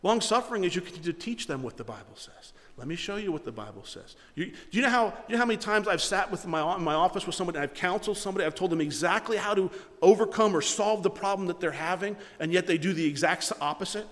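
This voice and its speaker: A man's voice: high voice, quick pace, hardly any pauses, fairly bright tone, in a large hall. A middle-aged man preaching a sermon as pastor, earnest and emphatic, his volume rising and falling. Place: church hall with live congregation.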